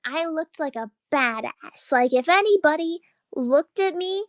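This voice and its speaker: A high-pitched woman streamer rambles through a casual late-night chat. She is excitable and breaks into laughter often. The sound is dry and close. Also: unhurried, dry recording.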